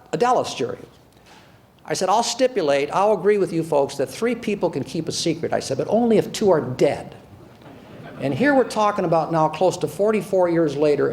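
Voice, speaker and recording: Older American man, ex-prosecutor lecturing an audience; high voice, mocking and emphatic, with a faint hiss behind him. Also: creaky, a little mellow. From United States. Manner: sarcastic and emphatic, with frequent repeats and restarts. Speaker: former prosecutor and author giving a talk. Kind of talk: speech to an audience.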